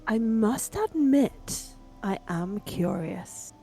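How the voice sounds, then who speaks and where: A woman's voice: medium pitch, lively intonation, extremely slow, gravelly, dark tone, slightly rough, faint music behind, heavily acted. A woman voicing a wary, guarded young adventurer in a tabletop game, speaking in a dry, clipped way.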